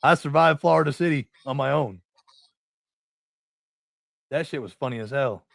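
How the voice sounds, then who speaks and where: A middle-aged man from New England hosts a casual podcast, swearing freely as he rambles through anecdotes and plays out both sides of the conversation. His voice sits at a medium pitch and is recorded dry, with no room sound. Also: normal speed, vocal fry, dry recording. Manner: profane, rambling anecdotes with acted-out dialogue. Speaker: podcast host. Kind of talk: casual storytelling chat.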